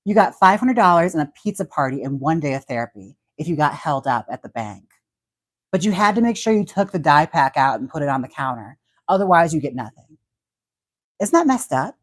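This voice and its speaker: A man's voice: fairly high pitch, big pitch swings, fairly quick, no echo. A man hosting a casual livestream, chatty and giggly as he talks about wigs and reads out viewer comments. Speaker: livestream host and wig stylist.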